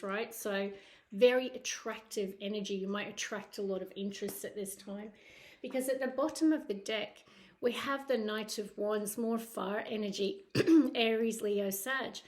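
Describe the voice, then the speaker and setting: A woman with a Scottish accent giving a casual tarot reading, chatty, with many fillers and tag questions. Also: mid-range voice. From Scotland. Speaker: tarot reader.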